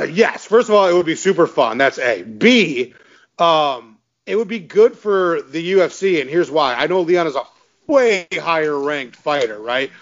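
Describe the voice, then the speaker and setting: A man's voice: fairly high pitch, expressive, unhurried, highs cut off. A man hosting a podcast in casual chat, talking with enthusiasm, laughing often and repeating words as he goes. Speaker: podcast host.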